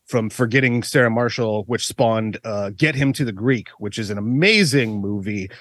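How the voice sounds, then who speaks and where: A man's voice: lowish voice, normal speed, fairly bright tone, dry recording. A man co-hosting a podcast in casual chat, wry and offhand. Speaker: podcast co-host.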